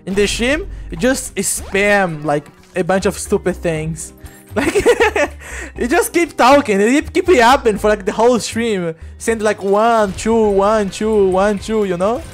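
A male streamer chatting casually to his audience while playing a game, rambling and laughing, with sudden loud outbursts. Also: high voice, expressive, takes it slowly, faint music behind. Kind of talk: casual gameplay livestream chat.

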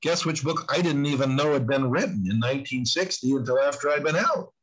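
A man's voice: mid-range voice, brisk, husky, low-quality recording. A man in his sixties, a guest in an interview, talking earnestly and rambling with frequent restarts. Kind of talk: conversational interview talk.

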